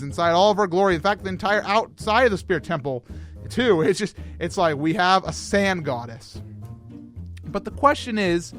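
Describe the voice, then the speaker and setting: A man hosting a casual livestream discussion about a game, excitable and rambling, often laughing at himself. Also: high voice. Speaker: host.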